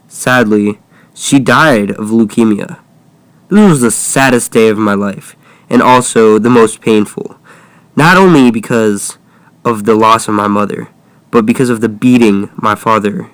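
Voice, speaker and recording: A man's voice: lowish voice, a little slow, dry recording. A young man casually improvising a first-person horror story, with offhand, jokey asides.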